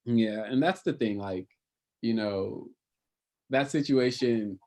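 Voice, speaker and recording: A man hosts a podcast in a relaxed, casual way, his pitch sitting in the middle. He talks loosely, leaning on fillers as he gathers his thoughts. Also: takes it slowly. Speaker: podcast host. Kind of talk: casual conversation.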